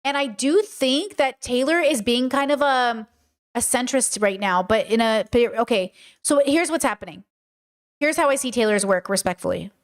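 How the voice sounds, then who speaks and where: A woman live-streams her reaction commentary in a high, bright-pitched voice. She argues heatedly with the clip she's watching, swearing and piling up rhetorical questions. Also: moderate pace.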